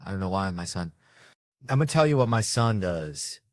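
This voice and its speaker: Guy doing standup, lowish voice, chatty storytelling, dry close mic. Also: a little fast, no echo. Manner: conversational storytelling, animated asides. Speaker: stand-up comedian. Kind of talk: stand-up comedy.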